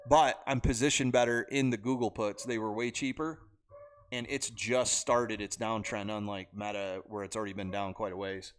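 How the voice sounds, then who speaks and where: A man's voice: lowish voice, fairly even intonation, normal speed. A man hosting a casual livestream from home, talking stock trades in a loose, blunt, rambling way at his computer mic. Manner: loose, blunt, rambling talk with chat asides.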